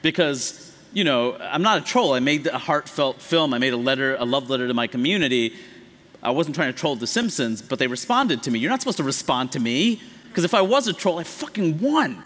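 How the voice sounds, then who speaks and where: A man in his late thirties from the United States giving an animated, profane, emphatic comedic talk on stage. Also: medium pitch, fairly quick. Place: large hall on stage. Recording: echoey hall.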